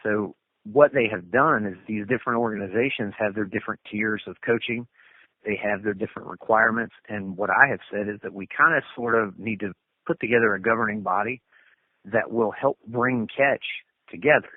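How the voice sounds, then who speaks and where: Brief: earnest wrestling coach, lowish man's voice, dry tinny line, rambling with ums. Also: brisk, dry recording. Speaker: catch wrestling coach and guest. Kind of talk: conversational interview answers. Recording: tinny phone-line sound.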